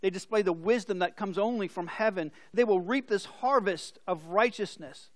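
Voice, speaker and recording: A man's voice: high-pitched, moderate pace, no room sound. A male pastor preaching a sermon, explaining scripture and telling stories with acted-out voices.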